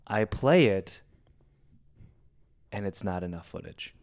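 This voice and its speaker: A man's voice: lowish voice, takes it slowly. A young man, a podcast co-host, telling a long story casually and acting out what people said. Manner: animated storyteller acting out quotes.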